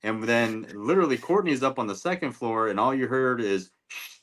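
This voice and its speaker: A man's voice: medium pitch, animated, fairly quick, a bit bright. A man who investigates the paranormal, a podcast guest recounting events in a laid-back, chatty way. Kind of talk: casual podcast chat.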